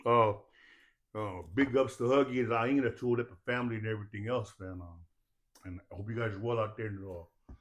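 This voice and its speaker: A man's voice: lowish voice, steady tone, fairly quick, lo-fi sound. A man telling stories as a podcast guest in casual talk, profane and preachy, often stopping to ask if listeners understand. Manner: profane, preachy, keeps asking "you understand that?".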